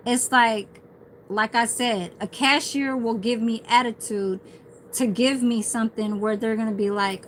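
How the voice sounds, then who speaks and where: Rambling, profane woman streamer with a slightly high voice, faint room ambience. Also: measured pace, a bit bright, slight background noise, poor audio. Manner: heavy swearing, rambling storytelling. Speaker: livestreamer. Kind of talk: casual livestream rant.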